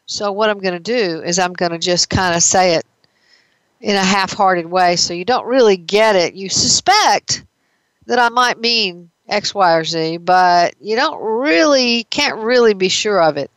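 A woman therapist talks through emotional patterns in a relaxed, conversational way and leans on everyday examples. Her voice sits at an ordinary middle pitch. The sound is dry and close, with no room echo. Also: unhurried. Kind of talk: explanatory talk on emotions.

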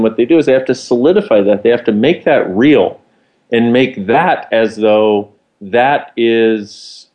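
A man's voice: on the low side, a little mellow. A man co-hosting, explaining ideas in a casual, rambling teaching chat. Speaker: co-host.

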